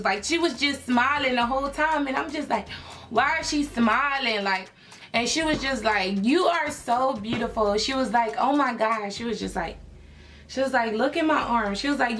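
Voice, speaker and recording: A young woman from Philadelphia, a beauty YouTuber, telling an excited storytime to her viewers in a chatty way with many fillers. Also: on the high side. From Philadelphia, USA. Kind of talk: storytime vlog, casual chat to viewers.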